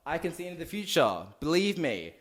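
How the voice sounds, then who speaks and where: A man's voice: on the high side, very animated, brisk, echoey room, voice pushed up. Defiant young prophetess, done by a tipsy man, insistent, drunk comic retelling.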